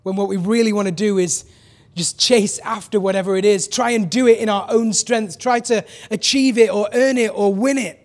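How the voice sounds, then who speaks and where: A man's voice: high-pitched, moderate pace. A man preaching a sermon in a conversational way, often asking his listeners questions.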